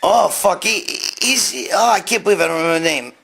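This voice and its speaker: A man's voice: sits high, a little fast, vocal fry, fairly bright tone, slight background noise. A man hosting a casual live stream, rambling and swearing as he reads out viewer questions on his phone. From New York. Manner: profane, rambling, reads comments aloud. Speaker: host answering viewer questions.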